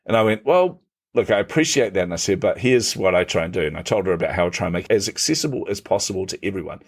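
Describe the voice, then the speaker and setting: A low-pitched, racing voice belongs to a middle-aged man swapping stories as a podcast guest. The storytelling is conversational and animated, full of laughter and quotes he acts out.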